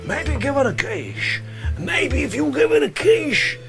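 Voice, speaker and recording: A man voicing a brash, grumbling middle-aged guy from the Bronx, rambling complaints and bursting into shouts. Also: very high voice, wildly swooping pitch, measured pace, gravelly, pitched above the performer's own voice, exaggerated voice. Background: music.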